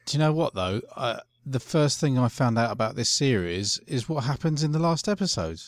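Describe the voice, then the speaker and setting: A man's voice: medium pitch, lively intonation, fairly quick, no room sound, studio quality. A man co-hosting a podcast in casual chat, laughing easily and answering with short agreements. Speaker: podcast co-host.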